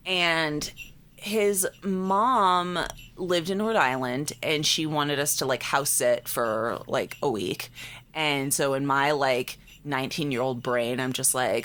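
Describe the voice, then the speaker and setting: A woman's voice: low-pitched, slow. A woman in her late twenties, a podcast co-host, telling a ghost story in casual chat, acting out quotes and filling with "like". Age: late 20s. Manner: animated, acts out quotes, many "like" fillers.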